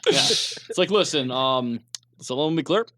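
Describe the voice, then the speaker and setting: A man's voice: a little high, lively intonation, measured pace, bright, forceful tone. A man co-hosting a podcast, joking loosely, laughing often and swearing freely. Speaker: podcast co-host. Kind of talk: casual comedic banter.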